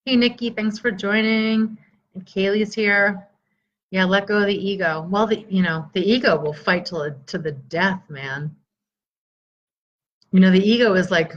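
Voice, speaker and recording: A middle-aged woman coaching viewers on a live stream, energetic and encouraging, greeting people by name. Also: mid-range voice, moderate pace, lo-fi sound. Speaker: stress relief coach.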